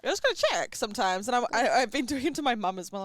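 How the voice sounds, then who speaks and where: A young woman, chatting playfully on a podcast, retelling stories with drama and quiet asides. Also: on the high side, very animated, fast, dry recording, studio quality. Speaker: podcast co-host. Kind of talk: casual chat.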